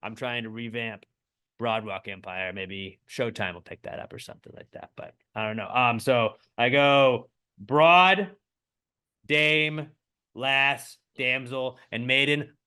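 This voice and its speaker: Bright-voiced joking male podcast co-host. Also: medium pitch, a little slow, clean tone. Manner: jokey, riffing with mock old-timey voices. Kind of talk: casual chat.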